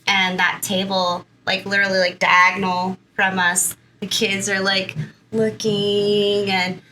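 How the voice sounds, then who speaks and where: Bright, chatty woman in her thirties. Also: medium pitch, little pitch movement, measured pace, slight background noise, low-quality recording. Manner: chatty, heavy use of "like" and "you know". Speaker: guest. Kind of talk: personal interview storytelling.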